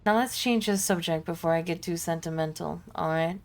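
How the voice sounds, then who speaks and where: A woman's voice: lowish voice, a little fast, lightly acted. A woman doing a weary psychic with an accent. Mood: wistful. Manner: put-on accent, wistful and emotional. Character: weary, sentimental female psychic companion.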